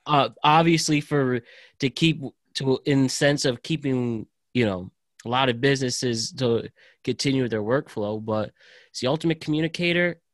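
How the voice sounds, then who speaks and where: A man's voice: mid-range voice, no echo, clean studio sound. Rambling male podcast co-host. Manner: rambling, halting restarts. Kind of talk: casual chat.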